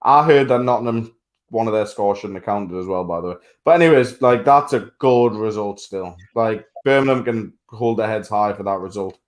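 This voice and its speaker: A man co-hosting a casual sports podcast, talking bluntly, swearing freely and laughing loudly. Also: on the low side, moderate pace. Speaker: podcast co-host.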